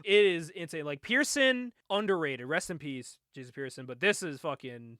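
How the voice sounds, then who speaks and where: A young man in casual conversation, excitedly recapping a comic book, laughing often and acting out the lines. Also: on the high side, normal speed. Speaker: podcast co-host.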